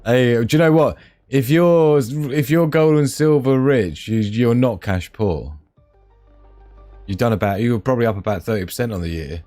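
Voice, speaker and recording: A man's voice: medium pitch, moderate pace, mellow, soft background music. A man hosting a casual live stream, joking with viewers, teasing them with pet names and laughing often. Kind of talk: casual live chat reading viewer comments.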